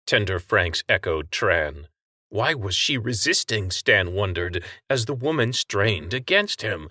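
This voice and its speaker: A man narrating a story aloud, steady and expressive. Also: sits low, unhurried, dry recording, clean studio sound. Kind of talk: audiobook narration.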